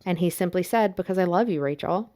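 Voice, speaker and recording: A woman's voice: lowish voice, quick pace, mellow. A woman co-hosting a podcast, narrating a true crime case in a casual, playful way. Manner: casual, playful storytelling with laughs. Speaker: podcast co-host.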